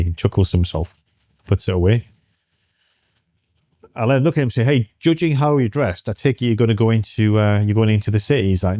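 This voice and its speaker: A British man in his forties, a military veteran telling a story in an interview, halting and restarting as he acts out what others said. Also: lowish voice, mellow, no room sound, studio quality.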